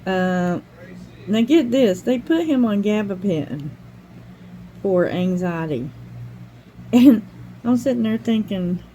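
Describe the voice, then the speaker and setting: An older woman with a mellow, warm voice talks in a loose, rambling way, sharing a heartfelt story while she works on a craft. Her pitch sits in an ordinary middle range. There is a faint hiss of noise behind her. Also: expressive, takes it slowly, pauses often, poor audio. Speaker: craft channel host. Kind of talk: casual chat while crafting.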